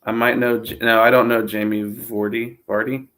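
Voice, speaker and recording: A man's voice: mid-range voice, little pitch movement, normal speed, a bit bright. An American man hosting a livestream, chatting casually and rambling, with frequent laughs. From United States. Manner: easygoing, rambling, laughs often. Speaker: host.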